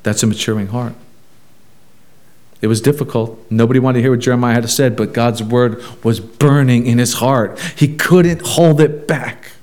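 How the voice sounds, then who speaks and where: A man's voice: mid-range voice, normal speed, a little mellow. A man preaching a sermon as a pastor, emphatic and full of rhetorical questions.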